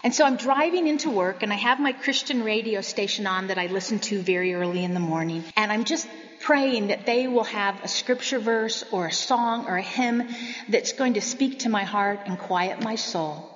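A woman's voice: medium pitch, moderate pace, big-room sound, muffled recording. A woman giving an earnest, sermon-style Bible teaching, telling personal stories.

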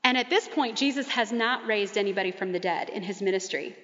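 A woman giving a sermon, retelling a gospel story with quick asides and acting out the voices of the people in it. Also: medium pitch, fairly bright tone. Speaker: Bible teacher. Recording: muffled, long hall reverb.

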